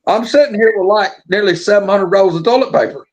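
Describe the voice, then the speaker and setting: A man's voice: sits high, quick pace. A man casually telling a long, folksy, profane story on a podcast, acting out what everyone said. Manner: folksy, profane, acts out quoted dialogue.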